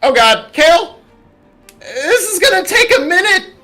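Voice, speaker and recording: A man voicing a frantic, panicky wizard companion in a tabletop game, shrill and loud. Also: big pitch swings, unhurried, faint music behind, exaggerated voice. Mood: panicked.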